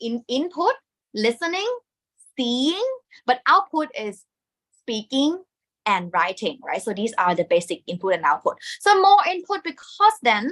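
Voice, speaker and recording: A woman with a Thai accent teaching a live online lesson, lively and encouraging, dropping Thai particles into her English. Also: high-pitched, moderate pace.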